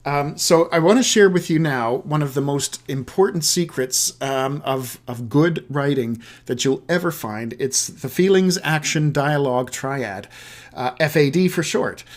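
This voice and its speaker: A man's voice: fairly high pitch, a little slow. A man giving a recorded video lesson on writing, explaining conversationally with rhetorical questions and examples, often restarting and repeating words mid-sentence. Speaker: writing teacher.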